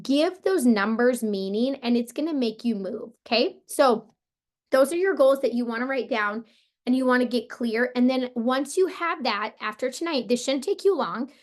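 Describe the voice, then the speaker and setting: A woman with a hoarse, partly lost voice, coaching her sales team on a motivational call in a casual, upbeat way, full of "like" and "you guys". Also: a little high, normal speed. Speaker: team leader coaching sellers.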